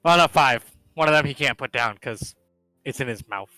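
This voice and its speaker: A man playing a tabletop role-playing game, deadpan in his delivery. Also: mid-range voice, normal speed, no echo, soft background music, rough recording. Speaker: player. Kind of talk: casual tabletop role-play.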